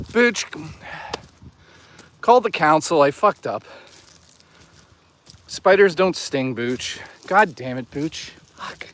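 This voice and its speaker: Excitable man streaming from the woods. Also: high-pitched. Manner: excitable, profane, joking with chat. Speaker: live streamer. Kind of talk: casual live-stream chatter. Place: outdoors in the woods.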